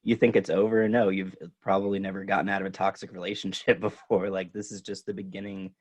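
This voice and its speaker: A young man hosts his own podcast in a relaxed, agreeable way. His voice sits a little low, and his talk is loose, with plenty of fillers as he builds his points. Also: quick pace. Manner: casual, agreeable, many fillers. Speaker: podcast host. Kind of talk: casual interview chat.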